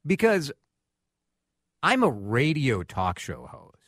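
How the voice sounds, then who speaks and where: Man radio host, animated storyteller, bright tone, dry close mic. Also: medium pitch, takes it slowly, no room sound. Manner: animated storytelling, acts out quotes. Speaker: radio talk show host. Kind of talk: casual radio chat.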